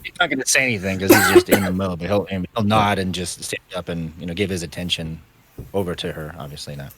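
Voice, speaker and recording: A man's voice: low voice, fast, very noisy. A man playing a tabletop role-playing game, hesitant and often repeating his words. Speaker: player.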